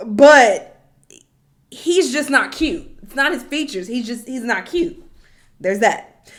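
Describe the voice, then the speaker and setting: A woman with a slightly high voice hosts a reaction video. She talks bluntly and swears freely, sharing strong opinions in casual commentary that often breaks into laughter. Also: a bit bright.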